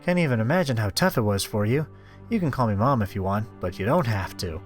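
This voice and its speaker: A man voicing a gentle adoptive mother in a game, speaking softly. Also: fairly low pitch, animated, fast talker, soft background music, lightly acted. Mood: soothing.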